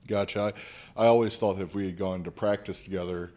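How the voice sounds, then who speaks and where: Low-voiced male podcast host, relaxed and friendly, questioning his guest. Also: fast talker. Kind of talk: casual podcast interviewing.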